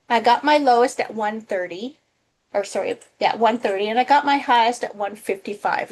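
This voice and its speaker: A woman teaching as a nursing instructor in a casual recorded lecture, often checking in with "okay?". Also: on the high side.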